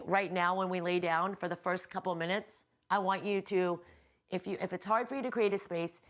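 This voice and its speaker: Her fairly low voice guides a laid-back meditation session held in a hotel room. This healer and yoga teacher rambles candidly and lets the occasional swear word slip.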